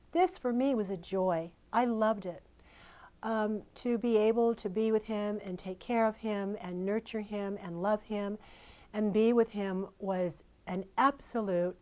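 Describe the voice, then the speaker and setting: A woman's voice: medium pitch, darkish tone. An older woman, a guest in an interview, speaking in an earnest, emotional and fond way about the past. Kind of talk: candid interview. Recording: radio studio interview.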